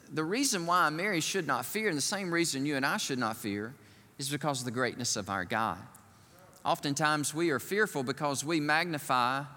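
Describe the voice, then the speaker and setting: A pastor delivering an animated sermon in a large church, acting out the voices of the people he tells about. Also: a little high, in a large hall. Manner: animated, acts out the people he quotes.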